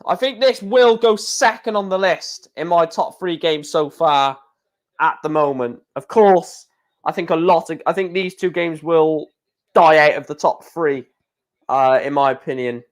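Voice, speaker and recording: A high-voiced man giving casual, chatty live reaction commentary. He talks straight to his viewers and bursts into excitement over big moments. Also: a little slow. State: hiccuping. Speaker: live stream host reacting to darts.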